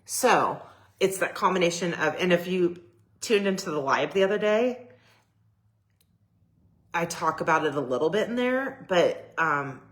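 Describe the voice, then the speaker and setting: Low-voiced gushing woman photographer. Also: lively intonation, measured pace, pauses often. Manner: gushing, rambling, many fillers and restarts. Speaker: boudoir photographer. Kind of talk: casual personal talk to camera.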